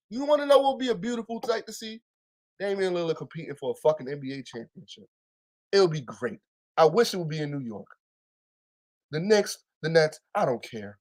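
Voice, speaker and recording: Man, high voice, emphatic, profane, ranting, sports chat. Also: a little mellow. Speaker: podcast co-host.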